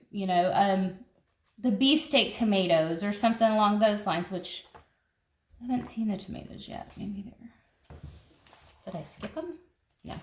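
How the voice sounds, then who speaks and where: A chatty woman, talking her way through a seed catalog with plenty of enthusiasm. Her voice sits at a middling pitch and bounces around a roomy, echoey space, with a faint hiss behind it. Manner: chatty, enthusiastic, thinks aloud with fillers. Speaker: gardening vlogger. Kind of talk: casual catalog flip-through. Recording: echoey room with faint noise.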